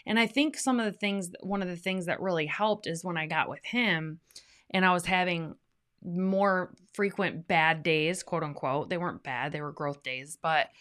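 A middle-aged woman co-hosting a podcast, with a voice sitting a little low for a woman. She talks in a candid, reflective way and draws on her own life. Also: normal speed, fairly bright tone. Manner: candid, reflective, shares personal experience. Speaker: podcast co-host. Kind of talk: casual chat.

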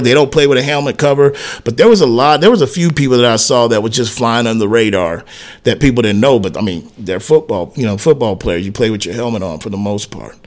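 A man co-hosting a sports talk radio show, telling a casual story and acting out the quoted dialogue, with "man" and "whatever" peppered through his speech. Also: medium pitch. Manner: animated anecdote teller who acts out quoted dialogue, frequent "man" and "whatever".

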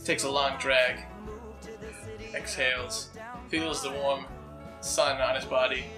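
A man's voice: medium pitch, little pitch movement, takes it slowly. Easygoing man narrating a tabletop game. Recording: echoey room with music behind.

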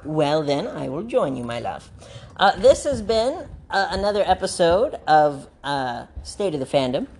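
A woman's voice: deep voice, big pitch swings, unhurried, a little mellow. A woman hosting a comedy podcast who rambles playfully, breaking into giggles and grand mock speeches. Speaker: podcast host.

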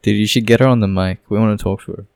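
A man's voice: on the low side, steady tone, racing, a little mellow. A man in a casual podcast chat, giving laid-back, joking reactions to his friends' stories.

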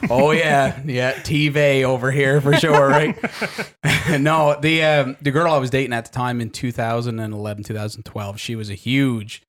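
A man's voice: medium pitch, steady tone, moderate pace, a bit bright. A man on a casual podcast, telling a long story with frequent swearing and laughter. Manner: swears freely, laughs through his story. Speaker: podcast co-host.

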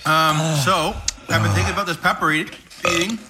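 A man's voice: fairly high pitch, very animated, fairly quick, over music. A man, a teacher, chatting dryly on a casual podcast with friends. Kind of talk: casual chat.

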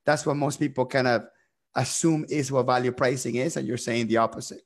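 A man's voice: medium pitch, steady tone, a little fast. A man interviewing a guest, asking long searching questions and restating her points.

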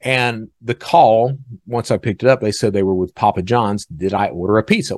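A man hosting a podcast, telling a story in a casual, animated way and acting out other people's lines. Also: fairly low pitch, normal speed, dry recording. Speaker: podcast host.

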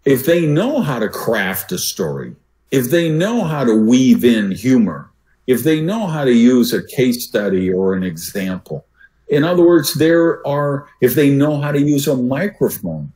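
Older male speaking coach, podcast guest. Demonstrative, varies loudness for emphasis. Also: mid-range voice, big pitch swings, unhurried, rough recording. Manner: demonstrative, swings voice loud and soft for emphasis.

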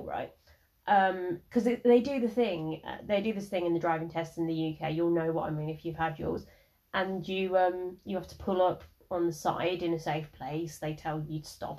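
A woman's voice: fairly low pitch, darkish tone. Frank, sweary young woman. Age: early 20s. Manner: frank, rambling, heavy swearing. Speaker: podcast host. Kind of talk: casual personal storytelling.

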